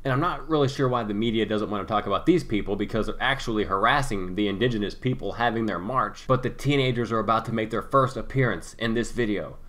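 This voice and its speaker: A man's voice: lowish voice, quick pace, hardly any pauses, fairly bright tone. A man giving sarcastic commentary over news clips in a vlog. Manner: sarcastic, mocking. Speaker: political commentary vlogger.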